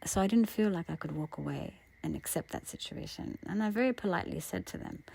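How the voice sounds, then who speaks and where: Woman, deep voice, gravelly fry, astrologer's reflective talk, soft half-whispers, earnest. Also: fast talker, few pauses. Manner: soft-spoken, often dropping into a breathy half-whisper; earnest and heartfelt. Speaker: astrologer and tarot reader. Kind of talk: reflective spiritual monologue with a personal story.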